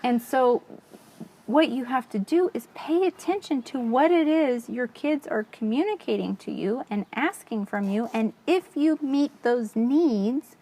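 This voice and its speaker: A woman co-hosting a parenting podcast, talking conversationally about her children and slowing to stress her points. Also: on the high side, animated, mellow. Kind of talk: casual podcast chat.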